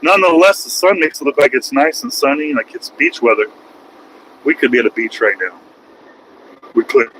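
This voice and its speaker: A man's voice: medium pitch, normal speed, pauses often, fairly bright tone, a little hiss or hum, poor audio. A man, a truck driver, ranting on a casual livestream from his cab while driving, crude and taunting. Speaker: truck driver streaming live.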